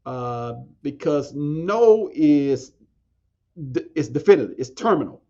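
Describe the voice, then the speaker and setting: A man's voice: a little high, expressive, takes it slowly, mellow, dull audio. A man, a podcast guest telling a story in casual talk, often restarting and repeating phrases.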